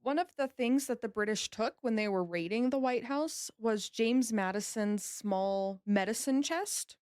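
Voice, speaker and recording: A woman's voice: fairly high pitch, expressive, unhurried, darkish tone, clean tone, no echo. Podcast co-host, woman, chatty history telling, dry close sound. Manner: chatty storyteller, laughs easily. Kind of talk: casual history podcast chat.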